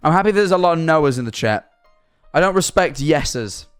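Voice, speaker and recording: Rambling young streamer. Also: male voice, fairly high pitch, lively intonation, moderate pace, clear, resonant tone, faint music behind. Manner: rambling, hypothetical storytelling, reacting to chat. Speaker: livestreamer. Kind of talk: casual live-stream chat.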